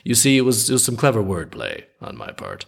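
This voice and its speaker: A man's voice: fairly low pitch, wildly swooping pitch, a little fast, gravelly, breathy edge, voice pushed up, full character voice. Man doing a smug, oily animal dealer. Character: smarmy greedy male animal dealer.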